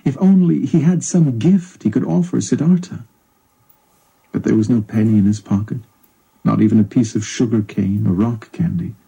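A man narrating a story in a measured, even storytelling delivery. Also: on the low side, gravelly, husky, rough recording. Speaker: audiobook narrator.

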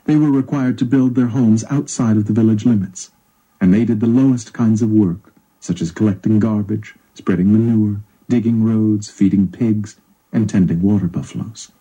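Man, story narration, dark mellow tone, breathy husky voice. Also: lowish voice, normal speed, low-quality recording. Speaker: audiobook narrator.

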